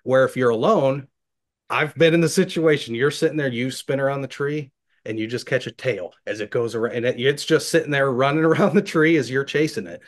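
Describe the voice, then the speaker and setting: Man, Midwestern accent, webinar instructor, mid-pitched, animated, mimics animal sounds. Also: brisk. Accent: Midwestern American. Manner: animated, imitates animal footsteps with mouth sounds. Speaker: hunting instructor. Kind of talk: webinar teaching talk.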